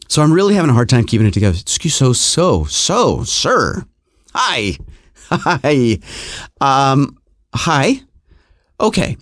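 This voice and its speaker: A middle-aged man hosting a podcast, telling a comic story in an exasperated, animated, self-mocking way. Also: medium pitch, takes it slowly, pauses often, no echo, studio quality.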